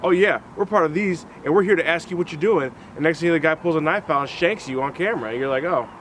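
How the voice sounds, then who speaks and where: A man's voice: a little high, fast, fairly bright tone, a little hiss or hum, rough recording. A man from Alaska co-hosting a casual outdoor chat, acting out quotes in funny voices. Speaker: co-host.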